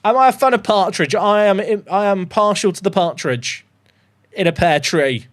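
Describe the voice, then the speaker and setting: A young man chatting through a football management game, joking and bursting into excited shouts. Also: high voice, moderate pace. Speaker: gaming YouTuber.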